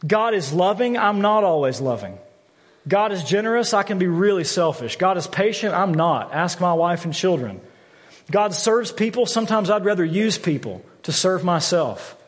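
With a high-sitting voice, lively intonation and a moderate pace, a man in his thirties preaches in a church sanctuary. The pastor is earnest and candid, repeating words often for emphasis, and the recording has long hall reverb from the church.

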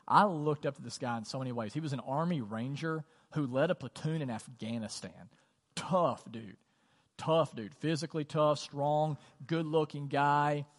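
A man's voice: fairly high pitch, normal speed, few pauses. A man preaching a sermon as pastor, conversational and earnest, repeating phrases for emphasis. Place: church sanctuary. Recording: long church reverb.

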